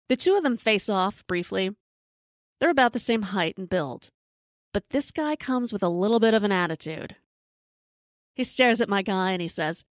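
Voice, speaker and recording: A woman host telling a comic personal story in a sarcastic, deadpan, profane way. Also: medium pitch, moderate pace, long pauses, no echo, studio quality.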